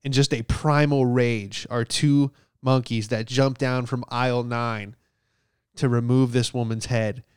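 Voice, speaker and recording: A young man doing a stand-up bit, swearing freely and throwing himself into acted-out quotes. His voice comes through smooth and clear. The sound is dry and close. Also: medium pitch, a little slow, no room sound. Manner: profane, animated storytelling with acted quotes. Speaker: stand-up comedian.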